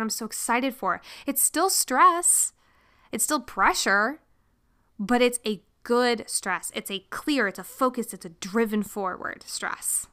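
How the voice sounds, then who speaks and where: Bright, animated woman giving a pep talk. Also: on the high side, smooth. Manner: animated, acts out inner monologues, swears casually. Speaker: podcast host. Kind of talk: motivational talk.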